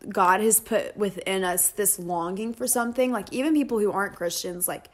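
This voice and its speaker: A young woman speaks as a guest on a podcast. She talks in an earnest, reflective way during casual chat, at an ordinary mid pitch. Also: normal speed. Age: young adult.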